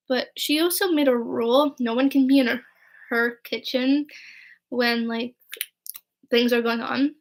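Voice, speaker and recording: High-voiced young woman telling rambling stories. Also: fairly even intonation, moderate pace, vocal fry. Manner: chatty and rambling, with frequent "like" and "right?"; quotes people in dialogue while telling stories. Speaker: vlogger. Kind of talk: casual storytelling.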